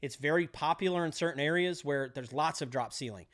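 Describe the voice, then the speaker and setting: A man coaching electricians for their exam, energetic and pep-talking, repeating key phrases. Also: a little high, fairly quick. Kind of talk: motivational trade lesson.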